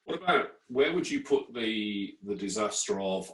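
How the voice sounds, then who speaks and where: A man with a very deep voice hosts a casual interview, making expressive, playful asides. His voice sounds roomy and echoey, picked up from a distance away from the mic. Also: moderate pace. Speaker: interview host and speaking coach.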